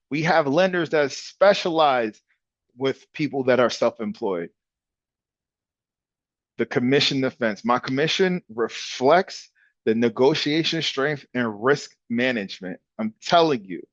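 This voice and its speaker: A man giving a casual, energetic real estate training talk in a punchy coaching manner. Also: mid-range voice, no room sound. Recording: dull dry sound.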